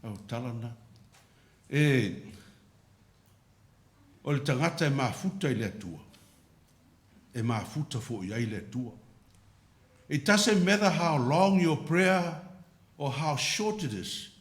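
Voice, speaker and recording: Samoan-accented pastor preaching in church. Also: male voice, mid-range voice, expressive, measured pace, pauses often. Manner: storytelling, switching between Samoan and English. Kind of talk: sermon. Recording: roomy church reverb.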